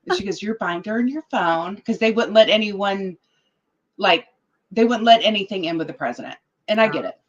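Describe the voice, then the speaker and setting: A woman guest telling a story in a casual interview, animated and quoting others as she goes. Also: mid-range voice, brisk, highs cut off. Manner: animated, quotes other people in their voices. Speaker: political guest.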